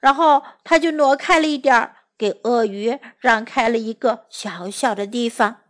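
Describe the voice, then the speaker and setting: A woman reading a children's story aloud in an expressive, clear and slow way. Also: a little high.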